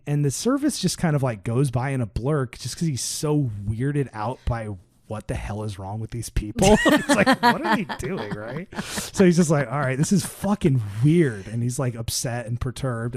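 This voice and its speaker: A man's voice: medium pitch, moderate pace. A man co-hosting a podcast, telling a true crime story in casual chat, acting out the people in it and often adding "like" and "right?". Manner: animated, acts out quoted voices, frequent "like" and "right?". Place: podcast recording.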